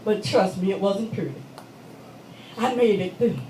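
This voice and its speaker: A woman's voice: medium pitch, a little slow, mellow, far from the mic, slight background noise. Woman telling a dramatic story in an echoey hall. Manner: emphatic, conversational storytelling. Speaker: stage performer. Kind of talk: dramatic monologue. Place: church meeting room.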